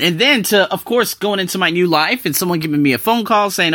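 A young man chatting casually to his viewers as a vlogger, animated and talkative, jumping between loud bursts and quiet asides. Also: sits high, brisk, dry recording, clean studio sound. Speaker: vlogger living abroad. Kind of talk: casual talk to camera.

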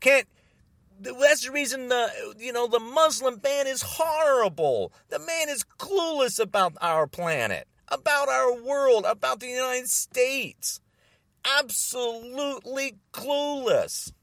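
A worked-up man ranting to the camera, his fairly high voice leaping up and down as he stresses point after point. He repeats himself and now and then breaks into loud bursts, heard close and dry with no room sound. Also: animated, slow, creaky, no room sound. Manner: agitated, repetitive, bursts of loud emphasis. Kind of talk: angry political rant to camera.

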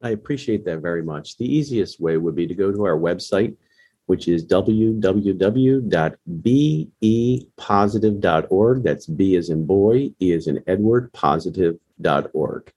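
A middle-aged man with a slightly low, husky voice talks as a podcast guest. He tells his stories earnestly, with deep feeling. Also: lively intonation, unhurried, mellow. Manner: emotional, earnest storytelling. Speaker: guest, bereaved father running a foundation. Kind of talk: podcast interview.

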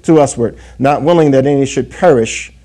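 A man preaching a sermon who reads scripture in old-fashioned wording and keeps checking in with the congregation with "yes?" and "amen?". He slows down to stress key words. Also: mid-range voice, warm tone. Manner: call-and-response asides, frequent "yes?" and "amen?"; reads scripture aloud in King James wording. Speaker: pastor.

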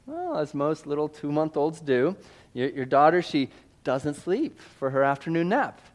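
A man from Missouri telling a lively personal story in a sermon, acting out sound effects and voices. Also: a little high, moderate pace.

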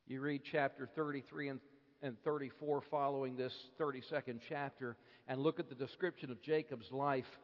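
A man preaching a sermon, moving between hushed lines and impassioned outbursts with slow, deliberate phrasing. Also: mid-range voice, fairly even intonation. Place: church hall. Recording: dull lo-fi recording with long hall reverb.

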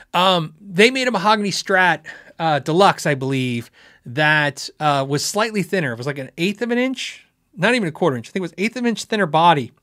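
Guy rambling through viewer questions on a live guitar stream, kinda high voice, dry close sound. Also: no echo. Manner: rambling, animated, laughs often, acts out quotes. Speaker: host of a live guitar show.

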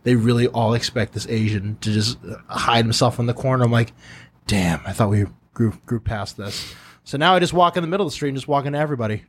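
A man's voice: medium pitch, very fast, few pauses. A man hosting a podcast, telling stories in a casual chat and acting out the voices of people in them. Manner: animated storyteller who acts out voices. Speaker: podcast host.

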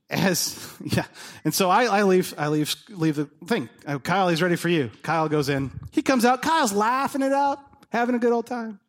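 A man in his thirties preaching a sermon, telling personal stories and acting out the dialogue in them. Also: a little high. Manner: animated storytelling, acts out dialogue. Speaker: pastor.

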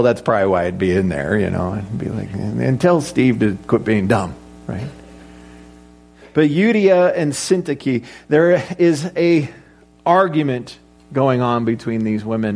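A middle-aged pastor gives a sermon in an easy, conversational way, slipping in light jokes and asking the congregation rhetorical questions. His pitch is an ordinary middle height for a man, and his delivery is animated, at normal speed, with a slightly mellow tone.

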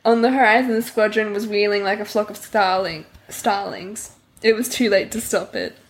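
A woman's voice: mid-range voice, moderate pace. A woman hosting a casual book discussion who laughs often and reads passages aloud. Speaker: podcast host.

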